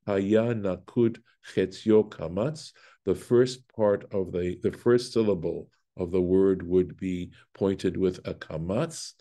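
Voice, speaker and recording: Rabbi guy going through a text slowly, deep mellow voice, stops to fix himself. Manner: explains step by step, reads Hebrew aloud and translates; pauses with fillers and self-corrections. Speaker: rabbi teaching Torah study. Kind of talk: Bible study lesson.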